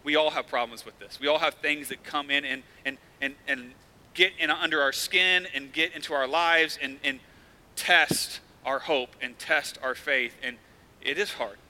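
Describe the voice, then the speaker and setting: A man's voice: fairly high pitch, steady tone, moderate pace, sharp tone. A male pastor giving a sermon in a church, speaking earnestly and conversationally, with rising emphasis.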